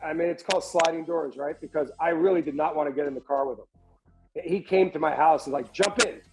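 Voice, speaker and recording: A man's voice: on the high side, fairly quick, faint music behind, low-quality recording. A man, a restaurant entrepreneur telling his story as a podcast guest, often restarting and repeating words. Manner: animated storyteller who acts out other people's lines. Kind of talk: candid storytelling interview.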